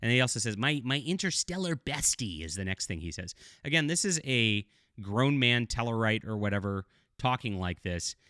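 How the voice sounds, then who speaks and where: A man's voice: fairly low pitch, animated, moderate pace, bright, forceful tone, clean tone, no echo, clean studio sound. A middle-aged man giving casual video commentary as a TV show reviewer, blunt and critical, rambling with fillers.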